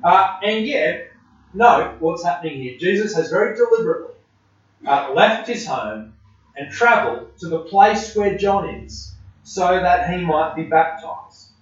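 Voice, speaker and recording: Male pastor, mid-high voice, halting conversational sermon, dull and far-off with heavy room echo. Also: animated. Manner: conversational, frequent "uh" fillers. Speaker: preacher. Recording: distant, dull, very echoey room.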